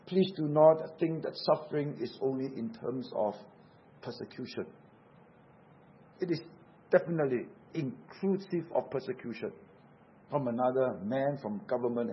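A man's voice: mid-range voice, lo-fi sound, slight background noise. A man preaching a sermon in an earnest, emphatic way, repeating key words for weight. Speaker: pastor.

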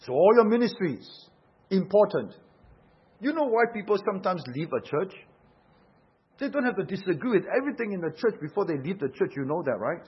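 Emphatic preacher, husky slightly high voice. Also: male voice, very animated, brisk. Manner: emphatic, rhetorical questions, rising and falling force. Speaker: pastor. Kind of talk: sermon. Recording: dull lo-fi sound.

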